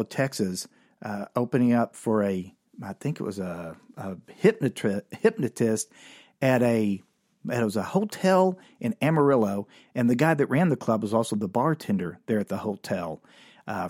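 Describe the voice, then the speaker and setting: A man's voice: mid-range voice, a little mellow, dry recording, clean studio sound. A man hosting a podcast and telling his own comedy stories from memory, rambling and self-deprecating with lots of fillers. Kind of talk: comic storytelling from memory.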